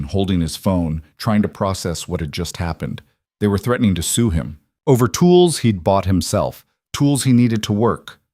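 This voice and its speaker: Give me a low-voiced man narrating a drama story in a dry, close recording. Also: darkish tone, dry recording.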